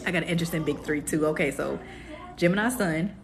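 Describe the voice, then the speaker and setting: A young woman, hosting a casual astrology live stream in a sassy, animated way. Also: sits low, fast, soft background music. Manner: sassy, animated, calls viewers "baby".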